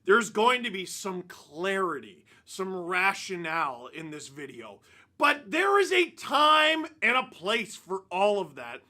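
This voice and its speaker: A man in his thirties, a hockey fan commentator, delivering a loud, yelling rant. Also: very high-pitched, wildly swooping pitch, unhurried, no echo, studio quality.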